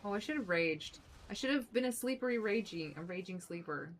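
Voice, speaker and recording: A woman streamer giving casual, excitable gameplay commentary, chatty and blunt, with some mild swearing. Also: mid-range voice, brisk, slight background noise, rough recording. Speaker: game streamer.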